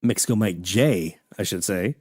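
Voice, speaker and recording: A man's voice: low-pitched, moderate pace, darkish tone, husky, no room sound, studio quality. A man hosting a live radio hobby stream, chatting enthusiastically and reading out listener messages in a folksy way. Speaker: radio hobby show host. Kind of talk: live-stream casual chat.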